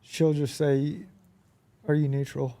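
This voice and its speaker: A man who is a podcast guest, telling animated anecdotes in a casual conversation and often acting out quoted dialogue. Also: on the high side, takes it slowly. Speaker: podcast guest, business owner.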